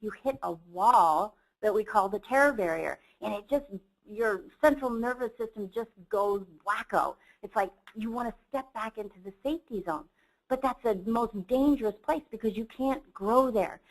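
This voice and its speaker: A woman's voice: fairly high pitch, moderate pace, rough recording. A woman who runs the company gives a motivational webinar talk in an earnest, enthusiastic storytelling manner. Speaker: company CEO presenter.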